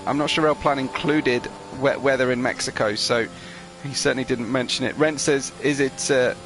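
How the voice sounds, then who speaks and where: A man's voice: medium pitch, fairly even intonation, moderate pace, over music. A man commentating an online racing qualifying session, chatty, reading out viewer messages with frequent fillers. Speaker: race commentator.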